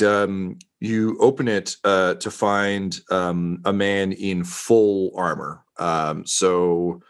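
Male GM, low voice, hesitant filler-heavy narration. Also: fairly bright tone. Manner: halting, many fillers. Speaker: game master. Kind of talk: narrating a tabletop game.

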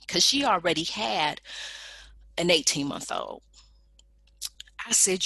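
A woman telling a personal story in a lively storytelling manner, acting out the people in it with raised voices. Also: lowish voice, slow pace, vocal fry, pauses often, breathy edge, dry recording. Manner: animated, acts out quoted people in raised voices.

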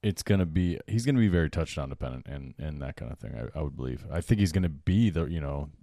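A man co-hosting a casual sports podcast, low-key with dry, teasing remarks. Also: expressive, quick pace, gravelly, dark tone, no echo. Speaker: podcast co-host.

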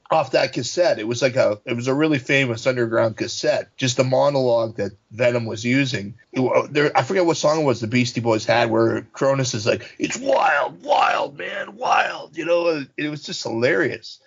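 A man with a gravelly, rough-edged voice rambles through stories on a podcast, full of fillers and asides. The audio sounds a little dull and lo-fi. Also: mid-range voice, a little fast, few pauses. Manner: rambling storyteller, many fillers. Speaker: podcast co-host. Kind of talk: casual chat.

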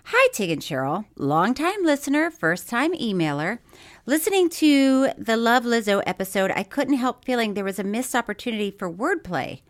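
A woman's voice: on the high side, big pitch swings, moderate pace. A middle-aged woman co-hosting a podcast in casual chat, laughing often and reading listener mail aloud. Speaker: podcast co-host.

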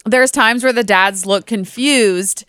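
A woman's voice: on the high side, slow, fairly bright tone, smooth, dry recording, clean studio sound. A young adult woman co-hosting a podcast, bantering playfully and joking around. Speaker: podcast co-host. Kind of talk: casual chat.

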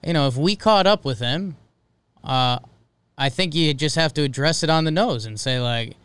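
A man's voice: on the high side, normal speed, fairly bright tone, clean tone, no room sound. A man co-hosting a casual sports podcast, rambling with fillers and restarts. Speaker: podcast co-host.

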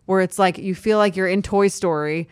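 A woman co-hosts a podcast in a chatty, easygoing way. She backs up her partner and jumps in to finish his thoughts, with a voice of middling pitch. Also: normal speed, clear, resonant tone, dry recording, studio quality. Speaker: podcast co-host. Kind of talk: casual chat.

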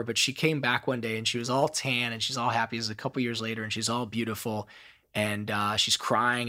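A middle-aged man from Ohio, a podcast guest telling stories in an emphatic, profane, animated way. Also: mid-range voice. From Ohio, USA. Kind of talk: casual storytelling interview.

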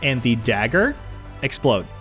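A man narrating a tabletop game as game master, in a measured, descriptive way. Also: medium pitch, sing-song, fairly bright tone, faint music behind.

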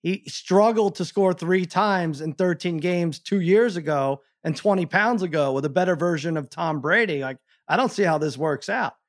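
A man co-hosting a podcast, rambling through a casual sports chat and leaping up in pitch when exasperated. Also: normal speed, hardly any pauses. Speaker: podcast co-host.

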